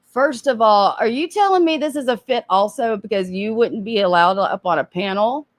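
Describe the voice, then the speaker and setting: A woman's voice: fairly high pitch, normal speed. A woman hosting commentary on a live stream, sarcastic and often laughing, with casual swearing.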